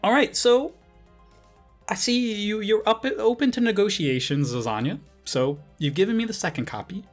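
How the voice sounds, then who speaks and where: A man commenting on his gacha rolls, getting excitable, swearing and pleading with the game. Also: high-pitched, moderate pace, soft background music. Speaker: game streamer.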